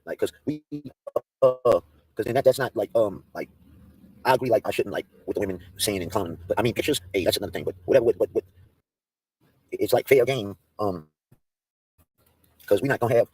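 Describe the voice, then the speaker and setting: Fast, husky-voiced man ranting on a livestream. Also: fairly low pitch, a little mellow, dry recording. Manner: profane, confrontational, restarts and repeats himself. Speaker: livestream host. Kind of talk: heated livestream rant.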